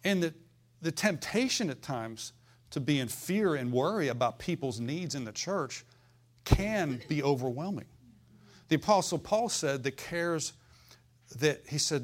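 A man's voice: fairly high pitch, lively intonation, unhurried. A man preaching a sermon as pastor, folksy and fiery, calling out to the congregation for responses.

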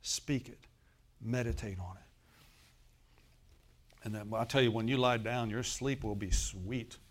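With a lowish voice and a slightly slow delivery, a pastor gives a down-home sermon aimed right at his listeners. He moves from loud, emphatic stretches to softly murmured remarks.

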